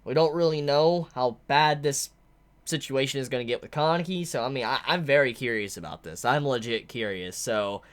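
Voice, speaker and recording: In a mid-range voice at a moderate pace, a manga reviewer reacts aloud to a chapter as they read. They think out loud, often restarting sentences and erupting into delighted shouts.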